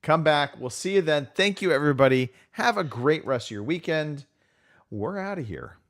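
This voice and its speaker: A man co-hosting a casual podcast, joking and teasing his co-host. His pitch swings widely, giving his talk a lively bounce. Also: normal speed. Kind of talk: casual chat.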